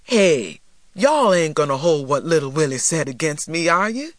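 A cocky young boy who lies to wriggle out of blame, as a man reading a storybook puts him on. He pitches up and pushes the volume, wheedling and defensive, in a dry close recording. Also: very animated, normal speed, no echo. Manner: wheedling, defensive, rural Southern dialect.

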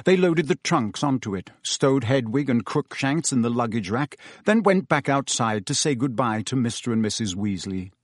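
A man narrating a story in a measured storytelling voice. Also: medium pitch, animated, no echo, clean studio sound. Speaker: audiobook narrator. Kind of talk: scripted narration.

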